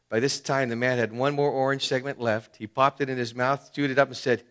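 Guy preaching a sermon at church, casual talky style, gets loud then goes real quiet. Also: mid-range voice, steady tone, a little fast, few pauses. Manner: conversational preaching with fillers, swinging from loud emphasis to hushed tones. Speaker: pastor. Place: church sanctuary.

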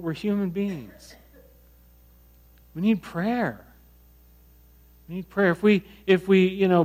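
Middle-aged guy pastor telling a story in his sermon, slightly high voice, chatty, keeps restarting. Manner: conversational, animated storytelling with self-interruptions.

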